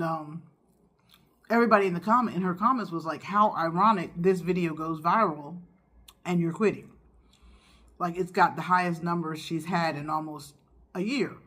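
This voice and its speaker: A woman's voice: lowish voice, moderate pace, long pauses. A woman who hosts a mukbang, chatting casually and expressively while she eats. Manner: chatty and expressive, talks through bites. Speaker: mukbang vlogger host. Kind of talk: casual chat while eating.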